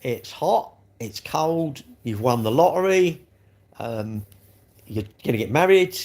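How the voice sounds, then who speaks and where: A man's voice: mid-range voice, animated, slow pace, a little mellow. A middle-aged man with a South East London accent, chatting and rambling on a casual live stream, full of tag questions. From England. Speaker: livestream host.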